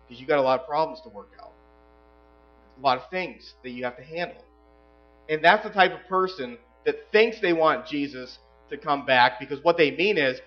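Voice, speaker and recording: Guy preaching a sermon, kinda high voice, gets loud then drops real quiet, muffled lo-fi audio w faint music. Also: lively intonation, moderate pace. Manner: emphatic preaching with sharp swings between loud and hushed. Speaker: pastor.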